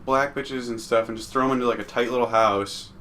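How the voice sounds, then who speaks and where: A man's voice: medium pitch, steady tone, brisk, fairly bright tone, a little hiss or hum. A young man co-hosting a casual podcast, rambling loosely and trailing off. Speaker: podcast co-host. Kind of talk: casual group chat.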